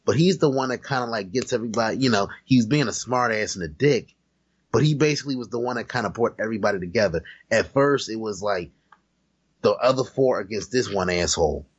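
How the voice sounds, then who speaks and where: A man's voice: fairly low pitch, expressive, brisk, breathy edge, highs cut off. A man co-hosting a podcast, chatting loosely about movies with plenty of profanity and fillers. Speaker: podcast co-host. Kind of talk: casual chat about movies.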